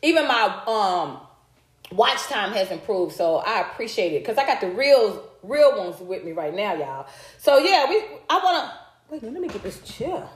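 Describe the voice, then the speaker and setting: A woman's voice: mid-range voice, big pitch swings, moderate pace. A woman hosting a casual livestream, chatting straight to her viewers and swearing freely. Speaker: livestream host. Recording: roomy echo.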